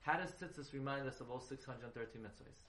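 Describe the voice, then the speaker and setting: A man's voice: medium pitch, fast talker, fairly bright tone. A man giving a halacha class, questioning his students and spelling words out letter by letter. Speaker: Torah teacher. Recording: echoey room, faint hiss.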